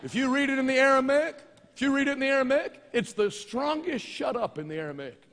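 A man preaching a fervent sermon, moving between quiet storytelling and loud, rousing declarations. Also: very high-pitched, fairly quick. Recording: church hall reverb.

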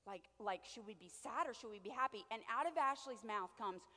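A woman with a high voice preaches a sermon, her words ringing out with long reverb in a large church hall. She drops into quiet, chatty storytelling, then rises into loud, fervent exhortation. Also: expressive, fairly quick.

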